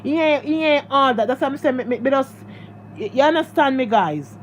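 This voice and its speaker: A woman's voice: high-pitched, lively intonation, brisk, a little hiss or hum. A woman with a Jamaican accent tells a personal story in a vlog, talking emphatically, repeating herself and speaking straight to her viewers. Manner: emphatic and repetitive, addressing viewers directly. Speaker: vlogger.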